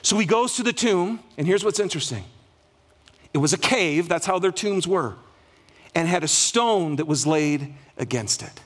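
A man with a high-pitched voice preaches a sermon to his congregation. His delivery swings dynamically between fervent, loud exclamations and soft, hushed passages. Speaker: pastor.

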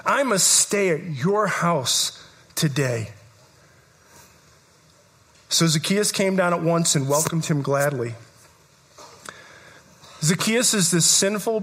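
A man preaching a live sermon to a congregation, emphatic and repetitive, building to shouts. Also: fairly high pitch, husky. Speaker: pastor. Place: church service, in front of a congregation.

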